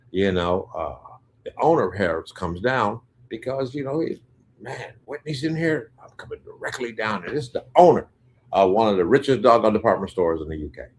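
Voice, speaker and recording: A man's voice: medium pitch, breathy edge. A man telling a crude, casual story and acting out other people's voices. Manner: animated, crude, acts out voices.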